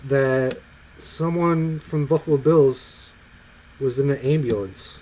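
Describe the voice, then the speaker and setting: A man's voice: medium pitch, slow, darkish tone, slight background noise, low-quality recording. A man co-hosting a podcast, chatting casually and often restarting his sentences. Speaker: podcast co-host. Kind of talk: casual chat.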